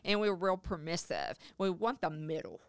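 A man talking as a parenting counselor on a podcast, calm and often laughing, acting out the phrases parents could say. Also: high-pitched, moderate pace, smooth, no room sound, clean studio sound. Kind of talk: podcast conversation.

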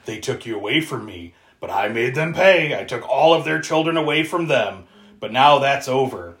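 A man's voice: medium pitch, animated, normal speed, a bit bright, natural voice. A man quoting a cruel male dream-slasher villain in a casual retelling, with a sneering edge. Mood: taunting. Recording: roomy echo.

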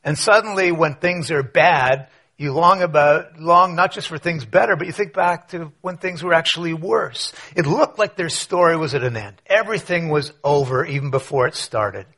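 A man preaching a conversational sermon, telling a story with rhetorical questions and quiet asides. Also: a little high, moderate pace, husky. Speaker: pastor.

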